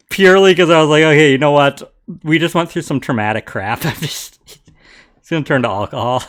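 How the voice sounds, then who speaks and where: A man's voice: a little high, moderate pace, a bit bright. A man chatting casually with a co-host while streaming a game, laughing often. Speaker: let's play streamer.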